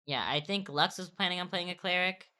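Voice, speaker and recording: A woman's voice: fairly low pitch, brisk, bright, forceful tone. A young woman streamer chatting casually while drawing, rambling and correcting herself as she goes, often laughing.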